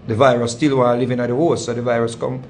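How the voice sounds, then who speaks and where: A man with a Jamaican accent talks through a long story in a loose, rambling way, circling back and repeating himself. His voice sits at an ordinary middle pitch, with a faint hum of background noise behind him. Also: flat delivery, fast, darkish tone. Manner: rambling, repetitive, heavy patois phrasing. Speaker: channel host. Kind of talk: casual storytelling monologue.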